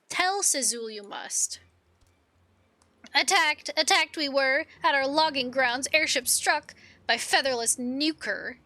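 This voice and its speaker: A woman's voice: high voice, sharp tone, no echo, heavily acted. A woman voicing a proud bird beastman warrior who squawks and talks with inverted word order. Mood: agitated.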